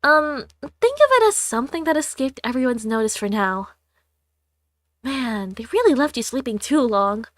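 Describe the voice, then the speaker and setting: A woman's voice: sits high, very animated, normal speed, no room sound, clean studio sound. A young woman, congested, streaming a game and reading its story aloud, with giggly, chatty asides between the lines.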